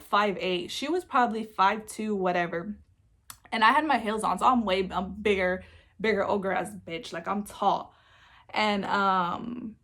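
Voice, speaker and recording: A woman's voice: mid-range voice, fairly bright tone. A young woman telling a personal story in a casual storytime vlog, chatty, swearing freely and filling her speech with "like". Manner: chatty, swears freely, many filler words. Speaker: vlogger.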